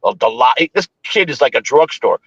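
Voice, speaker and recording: A man's voice: medium pitch, animated, a little fast, vocal fry, fairly bright tone, slightly rough, no room sound, dull audio. A man hosting a morning show, telling a long story in casual, profane, rambling talk with frequent restarts. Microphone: streaming setup.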